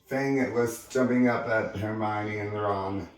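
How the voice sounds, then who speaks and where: Guy reading a book out loud, stumbles and restarts, far from the mic in a super echoey room. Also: on the low side, fairly even intonation. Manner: halting, with frequent slips and restarts. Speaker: reader. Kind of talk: amateur audiobook reading.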